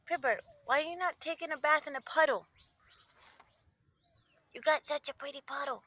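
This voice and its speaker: High-voiced woman cooing baby talk at a pet. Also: normal speed, long pauses, bright, forceful tone. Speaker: pet goose vlogger. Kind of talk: casual chat. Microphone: handheld phone.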